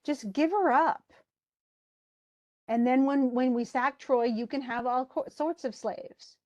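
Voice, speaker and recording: A woman's voice: high voice, slow, darkish tone, muffled recording. A woman voicing a furious, proud young male warrior in a casual, heated retelling voice. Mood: angry.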